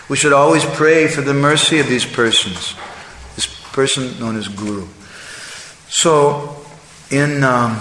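A man's voice: a bit bright, a little hiss or hum. A man giving a devotional lecture, explaining scripture and asking "right?" and "huh?" along the way. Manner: chants verses in a higher, singing voice. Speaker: spiritual teacher. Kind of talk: devotional lecture with Sanskrit and Bengali verses. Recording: echoey hall with faint ambience.

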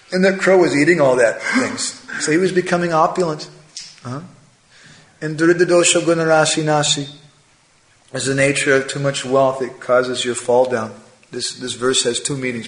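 A man telling a moral fable as part of a religious talk, animated, with frequent tag questions and chuckling asides. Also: mid-range voice. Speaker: religious storyteller. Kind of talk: sermon storytelling. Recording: echoey room.

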